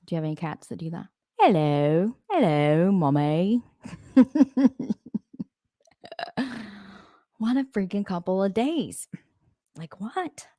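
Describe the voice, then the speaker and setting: A woman's voice: mid-range voice, very animated, moderate pace, dark tone, dry recording, studio quality. A woman hosting a casual live stream, talking to viewers, answering their comments and laughing often. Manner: laughs often, rambling asides.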